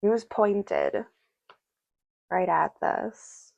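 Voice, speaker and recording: A woman's voice: mid-range voice, drawn-out words, vocal fry, a little mellow, dry recording, highs cut off. A woman giving a casual spoken tarot reading, musing aloud and speaking directly to the spirits and to her viewers. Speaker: tarot reader.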